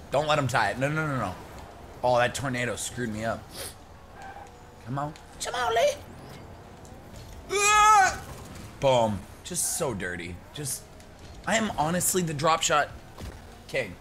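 Excitable young man commenting on gameplay. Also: on the high side, slight background noise. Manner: excitable, shouts and laughs during play. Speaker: gaming YouTuber.

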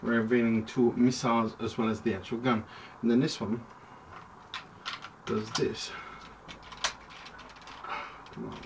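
In a casual toy review vlog, a man rambles chattily, abandoning thoughts midway and returning to them. He's recorded from a distance at home, with clear background noise and plastic clicks; his medium-pitched voice is flat and moderately paced.

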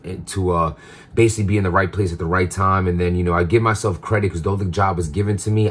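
A man talking in a casual confessional monologue, rambling with lots of fillers and restarts. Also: low voice. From Queens, New York. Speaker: vlogger.

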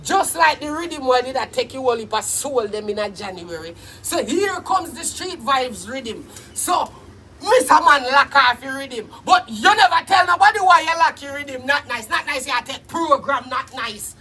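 A Jamaican woman with a high voice hosts a live stream. She talks straight to her viewers in lively patois and calls out to them often. A faint noise sits under her voice. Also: normal speed. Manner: animated, talks back to viewers, patois phrasing. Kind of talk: casual live-stream chat about dancehall.

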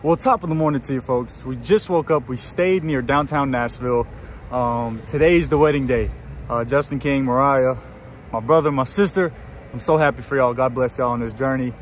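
Excited young man vlogging on camera. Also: medium pitch, moderate pace. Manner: excited, chatty, says y'all a lot. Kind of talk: casual vlog narration. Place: outdoors at a farm and indoors at a venue. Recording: noisy handheld camera audio.

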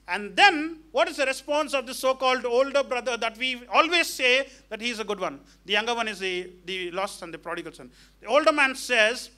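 High, bright-voiced preaching man. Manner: emphatic preaching, quoting characters in dramatic voice. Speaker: pastor. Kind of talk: sermon. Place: church hall.

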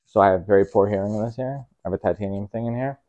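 A man in his thirties, a comedian, teasing and deadpan in casual interview banter. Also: on the low side, rapid-fire, dull audio. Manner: dry, teasing. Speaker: comedian guest.

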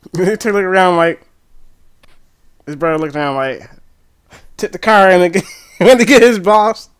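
A man chatting casually on a live game stream from home, animated and excitable, often laughing. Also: sits high. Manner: animated, excitable, often laughing and breaking into movie-line impressions. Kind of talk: casual live-stream chat while playing.

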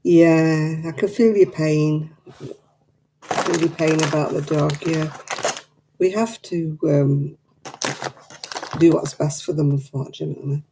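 Gravelly-voiced woman chatting to live viewers. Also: low voice, fairly even intonation, takes it slowly, long pauses, background noise. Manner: chatty, reads and answers viewer comments; emotional about her late dog. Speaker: craft livestream host. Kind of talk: casual chat with live viewers.

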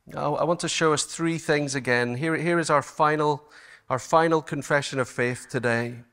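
A man's voice: fairly high pitch, normal speed, fairly bright tone. A man preaching a sermon at a conference, in an earnest, emphatic manner, often repeating words for stress. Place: conference hall.

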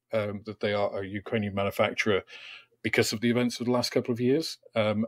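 A man's voice: fairly low pitch, no room sound. A man hosting a casual interview, speaking with many ums and restarts. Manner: hesitant, many fillers and restarts. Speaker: host.

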